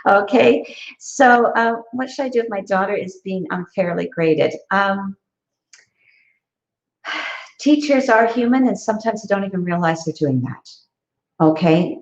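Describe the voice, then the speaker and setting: A woman gives earnest advice to parents in a live online talk. Her voice has a gravelly edge, and she restarts her sentences often. The sound is echoey and dull, as on a video call. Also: lowish voice, a little slow. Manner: earnest, advising, with frequent fillers and restarts. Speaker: education company founder giving parenting advice.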